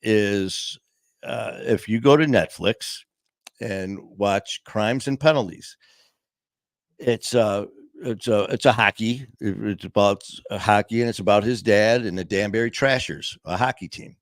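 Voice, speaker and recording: Low-voiced man telling a story, dry sound. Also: measured pace, dry recording. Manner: rambling, full of "you know" and restarts; acts out quoted dialogue. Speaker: podcast host. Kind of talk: casual conversational storytelling.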